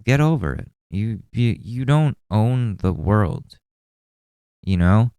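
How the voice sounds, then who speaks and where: Smooth low-voiced profane male podcaster. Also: lively intonation, slow, mellow, dry recording. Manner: profane, rambling, sarcastic. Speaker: podcast host. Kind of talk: casual commentary podcast.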